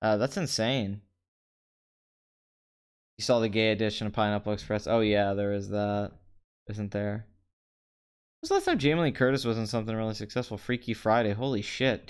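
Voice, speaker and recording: Deadpan low-voiced male film host. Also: clean tone. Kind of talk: comedic box office chat.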